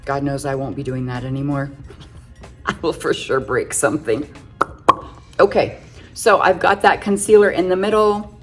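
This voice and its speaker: A woman's voice: sits low, normal speed, long pauses, soft background music. A middle-aged woman chatting through a casual makeup tutorial, full of self-joking, giggly asides. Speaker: makeup vlogger.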